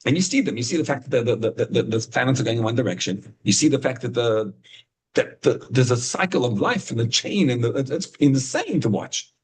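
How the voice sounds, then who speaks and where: Man, rabbi teaching a class, husky voice, animated storyteller, video call. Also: fairly quick, low-quality recording. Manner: animated storytelling, rising to high excited emphasis.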